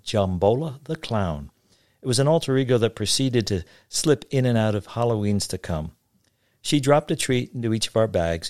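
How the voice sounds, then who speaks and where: A man telling a wry story from his childhood in an unhurried way. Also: on the low side, darkish tone, dry recording, clean studio sound. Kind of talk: told memoir story.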